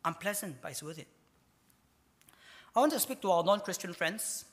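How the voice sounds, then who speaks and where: Emphatic pastor in a reverberant hall. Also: male voice, high voice, expressive, normal speed. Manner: emphatic preaching, with sudden swings between loud and hushed. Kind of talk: sermon.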